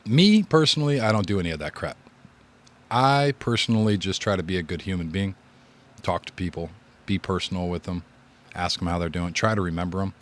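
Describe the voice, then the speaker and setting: A man's voice: sits low, brisk. A man who streams games, giving casual advice in a rambling, laid-back way and often repeating his words. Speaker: gaming streamer.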